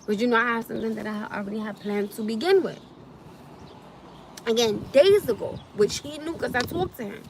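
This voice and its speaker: A young woman vents angrily on a live stream, circling back over the same complaint again and again. Her voice sits fairly high. She talks from a parked car, with a faint vehicle hum behind her. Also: a little fast. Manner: angry, repetitive ranting. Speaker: livestreamer.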